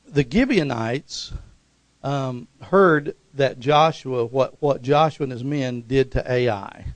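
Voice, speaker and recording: A man's voice: mid-range voice, slow, no echo, rough recording. A man delivering a sermon as a pastor, moving between loose, conversational asides and emphatic, repeated exhortations. He keeps calling for "Amen?" from the congregation. His voice sits in an ordinary middle register, recorded close and dry with almost no room sound. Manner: preaching with frequent call-and-response "Amen?"; conversational, with fillers and restarts.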